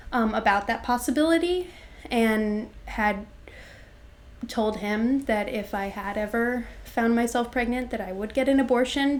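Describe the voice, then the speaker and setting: A woman in her twenties telling her personal story in an interview, reflective and halting, with many fillers and restarts. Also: fairly high pitch. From Florida, USA. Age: 20s.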